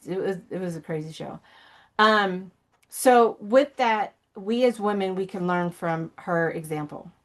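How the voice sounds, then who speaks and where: A woman ministry coach giving an emotional motivational talk, earnest and pleading, blunt and sometimes profane, rambling with many fillers and restarts. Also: mid-range voice.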